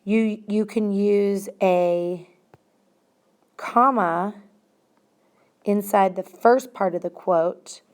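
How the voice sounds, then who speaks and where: Woman teacher explaining grammar slowly. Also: mid-range voice. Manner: slow, deliberate explaining, stressing single words. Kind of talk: classroom grammar lesson.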